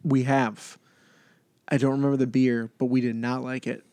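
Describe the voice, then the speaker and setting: A man's voice: mid-range voice, moderate pace, dry recording. A man co-hosting a podcast, telling a story in casual chat, laughing often and acting out the people in it. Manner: animated, acts out voices in stories, laughs often. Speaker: podcast co-host. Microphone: podcast microphone.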